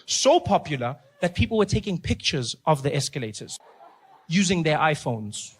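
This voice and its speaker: Animated stand-up comedian, high voice. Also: male voice, normal speed, husky. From South Africa. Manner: animated storytelling, acting out scenes.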